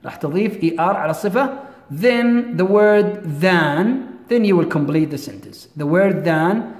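Echoey high-voiced man teaching English grammar. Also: expressive, darkish tone. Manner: repeats words slowly, switches between English and Arabic. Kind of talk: classroom grammar lesson. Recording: echoey room with long reverb.

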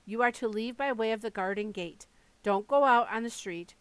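A woman's voice: fairly high pitch, moderate pace, clean tone, no room sound, close to an everyday voice. Woman reading as an urgent, stern mother. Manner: urgent and commanding. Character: anxious stern mother of a young girl.

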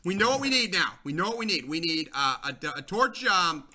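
A young man giving excitable let's-play commentary, talking to viewers, repeating himself and yelling when things go wrong. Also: sits high, brisk. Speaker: gaming channel host.

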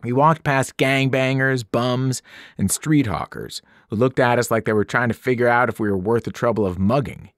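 A man, a teacher, reading a novel aloud in expressive first-person narration. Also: mid-range voice, normal speed, dry recording, studio quality. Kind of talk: audiobook narration.

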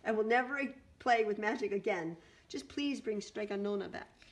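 A woman's voice: medium pitch, moderate pace, close to an everyday voice. A woman voicing a clumsy young man disguised as a girl, talking in a whiny, pleading, sobbing way in a read-aloud storybook. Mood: wailing.

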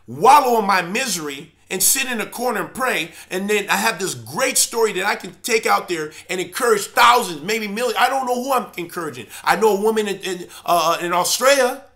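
Passionate church elder guy, high bright voice, keeps repeating himself for emphasis. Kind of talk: impassioned preaching monologue.

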